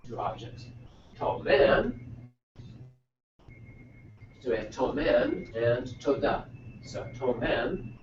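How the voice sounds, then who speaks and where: A man's voice: mid-range voice, animated, takes it slowly, long pauses. A man teaching a Greek class, patiently prompting his students with many small acknowledgements. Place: classroom linked to another campus by video. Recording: roomy, distant, muffled and noisy classroom recording.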